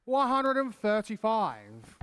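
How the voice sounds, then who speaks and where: A man calling darts scores as the referee, in measured, announcing tones. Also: sits high, wildly swooping pitch, a bit bright, clean tone, dry recording.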